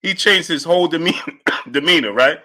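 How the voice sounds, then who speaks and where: A man hosts a boxing talk livestream in a loose, animated way. He repeats his phrases and calls out viewers from the chat. His voice is slightly high and bright, with a forceful edge. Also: fairly quick. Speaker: boxing commentary livestream host.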